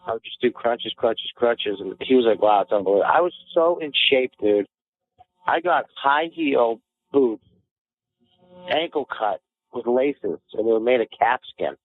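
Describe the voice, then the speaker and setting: A man co-hosting a podcast, telling boastful stories in animated, casual banter and quick to get riled. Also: medium pitch. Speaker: podcast co-host. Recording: phone-like lo-fi audio.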